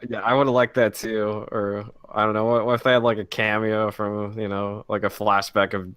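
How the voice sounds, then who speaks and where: A man's voice: lowish voice, level tone, moderate pace, fairly bright tone, clear, resonant tone, no room sound. A man co-hosting a gaming podcast, musing in an easygoing way. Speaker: podcast co-host. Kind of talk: casual chat.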